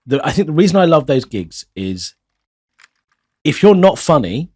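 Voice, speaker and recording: A man's voice: on the high side, very animated, normal speed, a little mellow, slightly rough, no echo, clean studio sound. A man, a comedian guest, giving earnest, enthusiastic opinions in casual chat.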